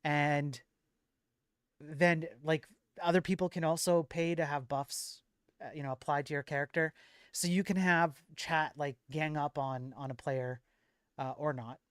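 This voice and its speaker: A man's voice: on the high side, steady tone, a little slow, a bit bright, clean tone, dry recording, clean studio sound. A man hosting his livestream in a loose, rambling way, with lots of fillers and restarts. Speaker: livestream host and moderator. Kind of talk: casual stream chat.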